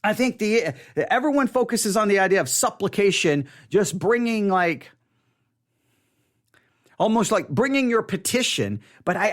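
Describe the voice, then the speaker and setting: Earnest high-voiced man teaching scripture. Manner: earnest, stumbling restarts, emphatic repetition. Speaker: Bible study teacher. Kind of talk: unscripted Bible study teaching.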